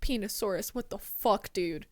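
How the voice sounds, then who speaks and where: A young woman in her twenties streaming live, excitedly thanking donors, swearing and fighting back tears. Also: medium pitch, normal speed. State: close to tears. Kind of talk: casual live-stream chat.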